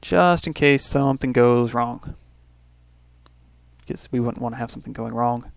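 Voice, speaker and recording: A man's voice: medium pitch, moderate pace, vocal fry, no room sound. A man from Canada hosting a let's play, casually thinking aloud through his turns with restarts and little asides. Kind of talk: casual gameplay commentary.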